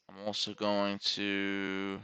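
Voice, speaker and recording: A man's voice: lowish voice, completely flat delivery, slow, pushed and bright, clean tone, no room sound. A man giving live commentary on his stock trades, thinking aloud and correcting himself as he places orders. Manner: self-correcting, muttering to himself over trade entries.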